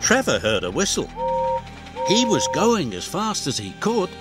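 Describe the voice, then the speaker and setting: A man narrates a toy-train story in a slow, deliberate storybook voice. His pitch moves a lot up and down as he tells it. Clear background music plays behind him the whole time. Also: wildly swooping pitch.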